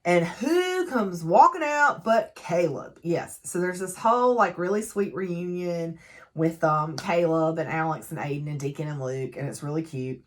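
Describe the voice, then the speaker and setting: A woman casually recapping a novel, telling the story in an animated way with laughs and asides. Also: fairly low pitch, moderate pace. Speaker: book reviewer.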